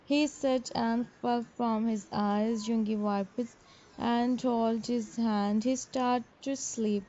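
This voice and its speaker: A woman reading a fan story aloud, calling out each character's name before their lines in halting, simple phrasing. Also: fairly high pitch, steady tone, mellow. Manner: halting, reads character names before each line with simple, non-native English phrasing. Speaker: fanfiction reader. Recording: dull lo-fi recording.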